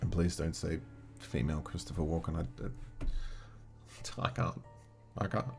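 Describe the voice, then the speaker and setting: Deep gravelly-voiced male game master. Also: fairly even intonation, measured pace, a little mellow, faint music behind. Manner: chatty, reads game text aloud, talks to chat. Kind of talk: casual solo tabletop play narration.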